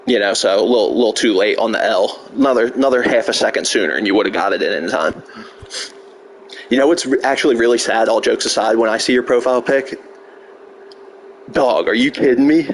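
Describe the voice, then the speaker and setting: A man's voice: mid-range voice, brisk, a little hiss or hum. A man live-streaming a video game, trash-talking a troll in chat with heavy profanity and sarcasm. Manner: profane, mocking trash talk.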